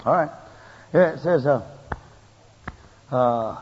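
A man preaching a sermon in a folksy, animated way, his emphasis rising and building as he goes. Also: on the high side, unhurried, slightly rough. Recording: lo-fi tape with long hall reverb.

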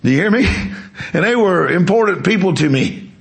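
A man's voice: high voice, animated, moderate pace, gravelly. A man preaching a sermon, telling a story with emphasis and quizzing the congregation. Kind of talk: sermon with testimony.

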